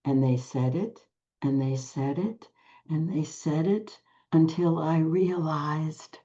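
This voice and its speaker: An older woman telling a personal spiritual story to a group, slow and hushed, with long pauses and soft whispered phrases. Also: low-pitched, lo-fi sound. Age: 60s or older. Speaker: spiritual teacher.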